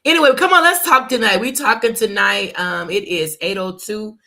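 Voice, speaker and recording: A woman's voice: medium pitch, moderate pace, sharp tone. A woman hosting a casual live talk, speaking emphatically and repeating her points, calling her listeners y'all. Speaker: host.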